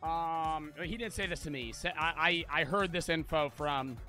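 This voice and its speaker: Young male streamer, high voice, slangy and excitable, game music playing clearly behind. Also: moderate pace. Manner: slangy, excitable, swears often. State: out of breath. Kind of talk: casual gaming commentary. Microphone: headset.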